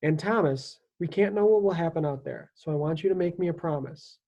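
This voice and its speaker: Earnest soldier, protective, steady, read by a storyteller, storybook war scene. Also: medium pitch, fairly quick, lo-fi sound, close to an everyday voice. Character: caring Union soldier, protective of two children.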